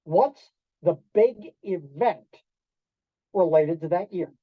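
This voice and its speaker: A man giving a storytelling talk to an audience in a restaurant event room, animated, acting out quoted voices and quizzing the listeners. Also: high voice, slow, no echo. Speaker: keynote speaker. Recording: dull lo-fi dry sound.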